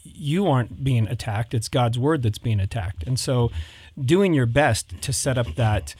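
A man on a pastors' discussion show giving thoughtful, measured advice. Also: mid-range voice, a little mellow, husky. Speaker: pastor co-host.

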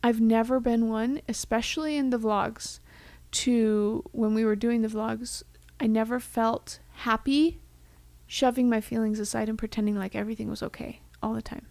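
Young woman, heartfelt and reflective co-host, higher voice, dry recording. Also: fairly even intonation, normal speed, vocal fry, a little mellow, no room sound. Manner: heartfelt, reflective, drops to a whisper for quoted thoughts. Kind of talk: casual chat.

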